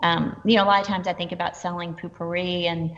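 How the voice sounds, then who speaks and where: A middle-aged woman telling stories in a casual interview, animated and quoting people in dialogue. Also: on the low side, quick pace. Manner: animated, quotes herself and others in dialogue. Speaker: guest entrepreneur. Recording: dull lo-fi sound with long reverb.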